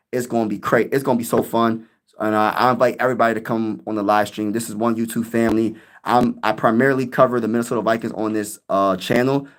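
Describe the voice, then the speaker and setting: A young man hosting a sports live stream, chatting casually with his viewers, rambling and hyped, using lots of slang. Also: lowish voice. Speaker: sports YouTuber live-streaming, answering chat.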